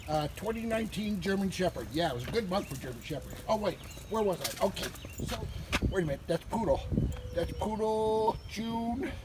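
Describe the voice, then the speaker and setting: A man voicing an excitable, crude male dog who rambles and gets distracted by smells on a walk, recorded outdoors from a distance with loud background noise. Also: sits high. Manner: giddy, rambling, distractible sniffing talk.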